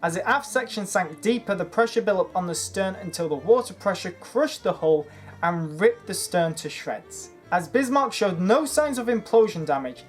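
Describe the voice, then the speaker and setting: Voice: mid-range voice, animated, normal speed, faint music behind. Earnest history narrator arguing a case. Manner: earnest, argumentative, making a case. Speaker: history video creator.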